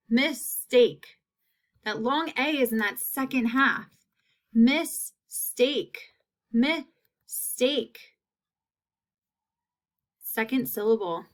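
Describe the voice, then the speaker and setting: A woman teacher giving a phonics lesson, repeating each word slowly and clearly. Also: on the high side.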